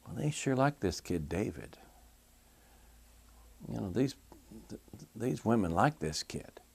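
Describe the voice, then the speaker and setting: A man voicing a jealous, suspicious king in a hushed, mistrustful mutter. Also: deep voice, normal speed, vocal fry, slightly rough, exaggerated voice. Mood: grumbling.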